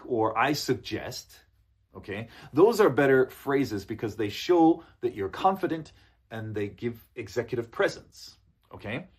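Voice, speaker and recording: A man teaching business in a relaxed spoken lesson, often checking in with "okay?". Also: medium pitch, a little slow, slightly rough. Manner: relaxed, repeats points, ends with "okay?". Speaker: English coach. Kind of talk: casual spoken lesson to camera.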